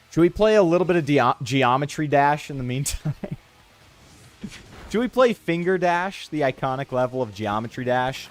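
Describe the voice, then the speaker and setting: A man streaming a video game, giving casual, sarcastic, joking commentary as he plays. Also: mid-range voice. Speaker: let's play streamer.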